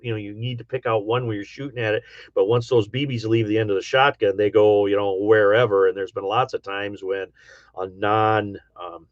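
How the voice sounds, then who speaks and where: A man's voice: fairly low pitch, no room sound. A middle-aged man with an Upper Midwest accent, rambling folksy and casual while he reads out chat on a livestream, with plenty of ums and uhs. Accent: Upper Midwest, Michigan. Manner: rambling, folksy, many fillers. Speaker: livestream host reading chat. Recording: dull dry lo-fi sound.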